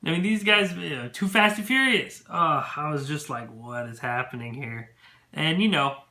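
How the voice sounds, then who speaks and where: Man, movie vlogger, casual recap, excitable, lots of ums, bright tense voice, echoey room. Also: on the high side, moderate pace. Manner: chatty and excitable, many fillers. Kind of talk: casual event recap to camera.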